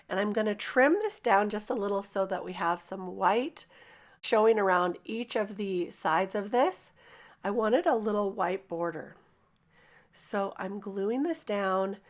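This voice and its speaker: Woman craft host, hoarse and raspy from losing her voice, chatty tutorial voice-over, mid pitch. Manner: upbeat, chatty step-by-step explaining. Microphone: voice-over mic.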